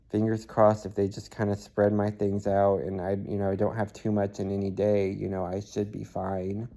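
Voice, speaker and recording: A weary man talking in a personal video diary, halting and soft-spoken, with many fillers and restarts. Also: lowish voice. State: weary and tired. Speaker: vlogger.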